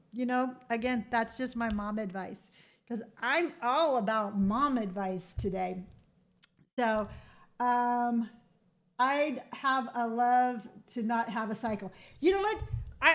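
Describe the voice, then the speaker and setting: An older woman chatting frankly to camera as a vlogger, giving tattoo advice with quick asides and playful quoted voices. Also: on the high side. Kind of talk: casual chat to camera.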